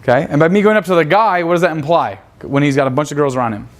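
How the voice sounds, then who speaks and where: A man's voice: on the high side, rapid-fire. A man leading a live seminar, brash and profane, firing rhetorical questions at his audience. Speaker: seminar instructor.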